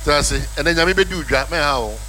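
A Ghanaian man hosting a radio talk show in a studio, animated and playful, switching between languages. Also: a little high, a little fast, slight background noise. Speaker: radio host.

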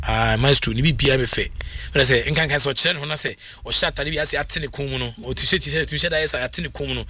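A man with a Ghanaian accent talking football as a radio pundit, excitable and rambling, laughing often. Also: mid-range voice. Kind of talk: casual radio talk.

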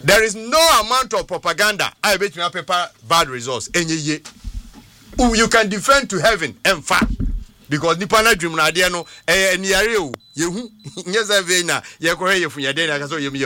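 A man's voice: high-pitched, expressive, moderate pace, bright, forceful tone, slight background noise. A Ghanaian man, a football pundit in a heated studio debate, who talks over others and repeats himself.

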